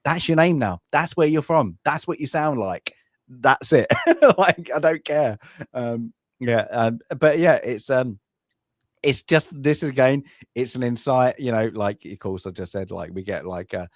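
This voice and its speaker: A British podcast co-host speaks at a measured pace in a mid-range voice. He discusses a film casually and rambles, using many fillers and restarts, on a dry, clean studio recording.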